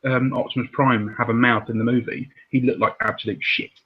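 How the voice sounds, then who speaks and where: A man's voice: medium pitch, level tone, fairly quick, husky. A man hosting a casual chat about comics, chatty with laughing asides. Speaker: host. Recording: dull lo-fi sound.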